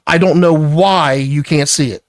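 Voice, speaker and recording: A man's voice: on the high side, unhurried. An angry man lecturing an employee in a heated work argument, swearing constantly. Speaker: business owner confronting an employee.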